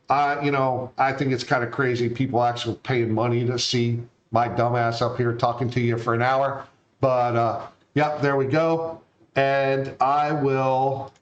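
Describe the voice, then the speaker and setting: A man's voice: mid-range voice, poor audio. A man hosting a live stream, talking casually and rambling with plenty of fillers. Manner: relaxed, rambling, lots of fillers. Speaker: stream host.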